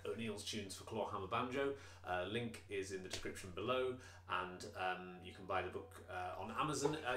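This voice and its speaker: Man, banjo teacher, low voice, patient explaining, counting beats, echoey room. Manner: relaxed, explains patiently, counts beats aloud, many fillers. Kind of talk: instrument tutorial. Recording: roomy echo, banjo playing behind.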